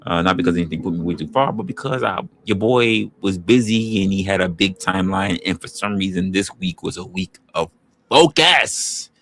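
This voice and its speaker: A man with a notably low voice hosts a casual livestream. He talks straight to his chat in a loose, rambling way, often restarting a sentence to fix a word or chase a new thought. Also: normal speed, fairly bright tone. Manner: rambling, loose, self-correcting. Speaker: livestream host.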